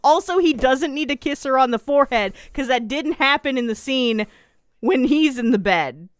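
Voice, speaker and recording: A woman's voice: high voice, expressive, moderate pace, clean tone, no echo, studio quality. A woman co-hosting a casual podcast, recapping a TV episode, swearing freely and acting out the scenes in quoted voices. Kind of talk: casual chat.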